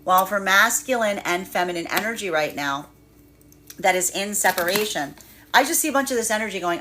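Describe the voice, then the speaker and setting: A woman's voice: medium pitch, animated, a little fast, bright, forceful tone, slight background noise. A woman giving a tarot reading in a rambling way, repeating words and laughing often. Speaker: tarot reader. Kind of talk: live tarot reading monologue.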